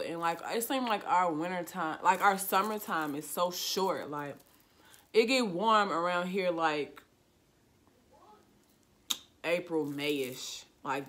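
Young chicago girl vlogging, goofy, says like a lot, kinda low voice. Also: fairly bright tone. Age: young adult. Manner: goofy, rambling, heavy on "like". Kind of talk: casual get-to-know-me chat.

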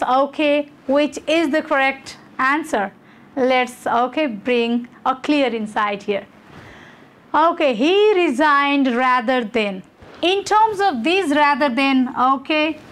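A woman's voice: sits high, fairly bright tone. A woman English teacher from Nepal, walking students through exam questions and checking in with "okay" and "you know".

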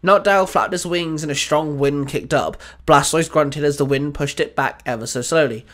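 Man reading a story aloud, fairly high. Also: moderate pace. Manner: steady reading with small restarts. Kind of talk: reading fan fiction aloud.

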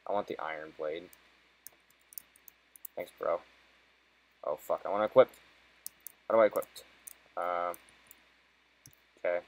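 In a rough recording, a young man with a deep voice comments on a video game at a measured pace, leaving long pauses. He's a let's-play gamer who curses constantly, annoyed yet joking.

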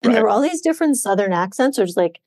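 A woman's voice: on the high side, rapid-fire, no room sound. A woman co-hosting a bookshop podcast, chatting casually about books with lots of "um" and "like". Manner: chatty, relaxed, many "um"s and "like"s. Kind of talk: casual book chat.

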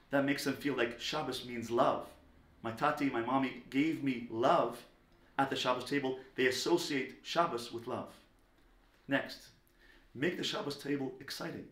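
A man giving a lecture on parenting, talking emphatically and swinging between loud stressed words and soft low asides. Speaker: parenting teacher. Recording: echoey room.

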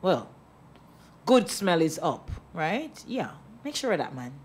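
A woman's voice: on the low side, big pitch swings, a little slow, a little mellow, husky. A woman co-hosting a radio talk show, bantering and teasing in a Patois-flavored casual chat. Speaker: radio co-host.

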